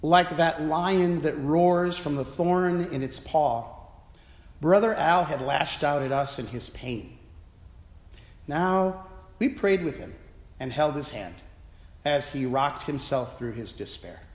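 A man's voice: fairly high pitch, animated, takes it slowly. A man, a priest, giving a reflective, story-telling sermon from the pulpit of a church. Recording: echoey church with long reverb.

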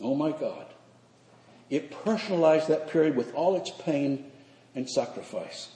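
An older man, a priest, preaching a sermon in measured, earnest phrases with slow emphatic pauses. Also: on the high side, animated, warm tone. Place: church sanctuary. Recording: echoey church hall.

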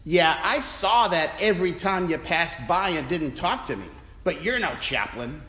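A man doing a gruff, sneering street preacher. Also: on the high side, animated, a little slow, pushed and bright, heavily acted. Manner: growling, sneering, accusing. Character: grizzled older male street preacher, gruff and scornful. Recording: echoey church with long reverb.

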